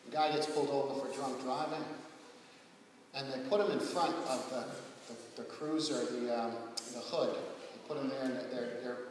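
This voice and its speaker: Animated preacher in an echoey hall. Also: male voice, medium pitch, moderate pace, recorded from a distance, slight background noise. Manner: animated storytelling with sudden shouted quotes; frequent rhetorical "right?" checks. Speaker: pastor. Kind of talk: sermon.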